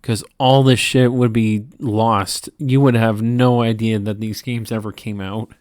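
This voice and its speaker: A tired man hosting a gaming channel, ranting in a halting, profane monologue with frequent restarts. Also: fairly low pitch, steady tone, darkish tone, no room sound, studio quality. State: tired from lack of sleep.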